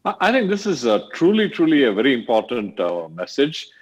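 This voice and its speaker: A man's voice: mid-range voice, wildly swooping pitch, fairly quick, low-quality recording. Earnest man moderating a panel. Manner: earnest, with many fillers. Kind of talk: online panel talk.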